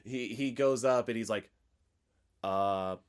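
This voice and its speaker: A young man co-hosting a podcast, recapping a film in a relaxed, rambling way. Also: on the low side, normal speed. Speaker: podcast co-host. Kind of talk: casual chat.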